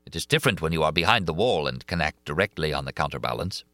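A man voicing a grave, secretive older foreign man in an audiobook, speaking slowly and solemnly. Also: very deep voice, expressive, pushed and bright, no room sound, full character voice. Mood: instructing.

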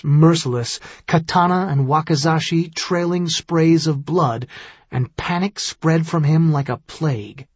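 A man narrating an audiobook in a measured, dramatic storytelling manner. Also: fairly high pitch, a little mellow, dry recording, muffled recording.

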